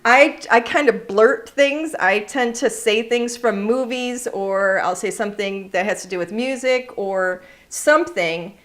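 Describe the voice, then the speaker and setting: Upbeat woman host running a live craft stream, slightly high voice, chatty, says hi to viewers. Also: unhurried, few pauses, fairly bright tone. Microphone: overhead camera setup.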